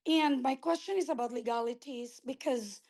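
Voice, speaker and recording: A woman's voice: high-pitched, moderate pace, gravelly, a little mellow. A woman from California who is losing her voice asks worried questions over a video call. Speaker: caller with a question.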